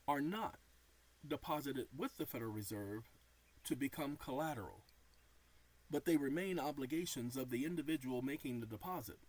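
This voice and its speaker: A man's voice: medium pitch, poor audio. A tired man talking casually to his viewers, spelling out commas and periods as he dictates. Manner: dictates punctuation aloud while reading. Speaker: channel host. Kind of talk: casual talk to camera.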